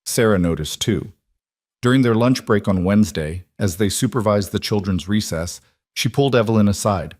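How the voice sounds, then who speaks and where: Male narrator, low voice, dry close mic; calm, measured scripted story reading. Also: no echo.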